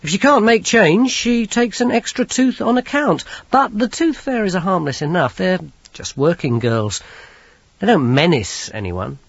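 A man voicing a nervous, hungover young male god in an audiobook, excitable and stammering. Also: high voice, moderate pace, husky, no room sound, dull audio, voice pushed up, exaggerated voice. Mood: chatty. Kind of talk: audiobook character voice.

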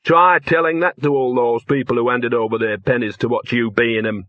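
A man voicing a scruffy, cynical old male dog who grumbles and mutters in rough, blunt speech. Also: mid-range voice, fairly even intonation, normal speed, no echo, lo-fi sound, close to an everyday voice. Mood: sardonic. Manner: grumbling, sardonic, rough-spoken.

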